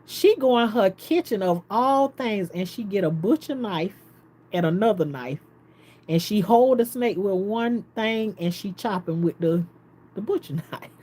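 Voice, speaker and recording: Woman vlogger telling a wild story, laughing, mid pitch. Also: measured pace. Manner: animated storytelling, laughs often, quotes others. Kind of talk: casual storytelling.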